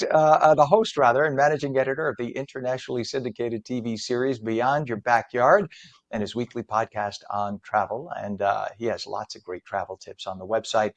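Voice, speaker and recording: A man hosting morning television with a brisk, joking delivery. He runs quickly through traffic reports and guest intros. His pitch sits in an ordinary middle range. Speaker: morning show host. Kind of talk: live TV morning show hosting.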